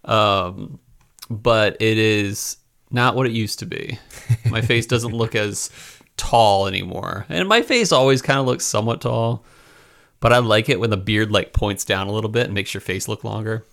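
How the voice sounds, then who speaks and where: Young male podcast co-host, low voice, laid-back and hesitant, recording from a closet. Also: normal speed, creaky, a bit bright. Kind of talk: casual podcast chat. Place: small closet used as a home studio.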